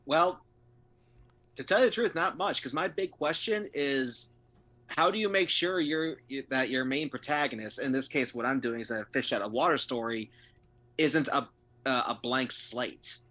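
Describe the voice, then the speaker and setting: A man's voice: medium pitch, normal speed, bright, forceful tone. A man on a discussion panel earnestly asking about writing, with a few restarts. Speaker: panel guest, aspiring fanfic writer.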